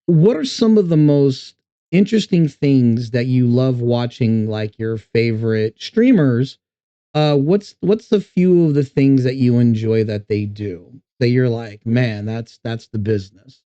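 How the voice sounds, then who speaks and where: A man's voice: mid-range voice, animated, moderate pace, dark tone, smooth, no room sound, highs cut off. A man hosting an interview, asking loose, playful questions. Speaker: interview host.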